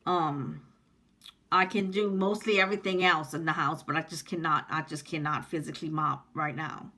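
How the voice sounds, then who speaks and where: A heartfelt woman speaks straight to her viewers in a personal vlog. Her voice sits a little low yet sounds bright and forceful, and she rambles with frequent ums. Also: fairly even intonation, normal speed. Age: 50s. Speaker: vlogger. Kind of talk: personal vlog talking to camera.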